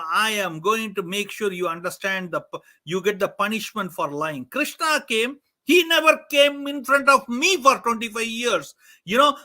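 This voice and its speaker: A man's voice: sits high, pushed and bright. A man voicing a stern, angry father who scolds his son, in a told story. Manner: scolding, repeats his points.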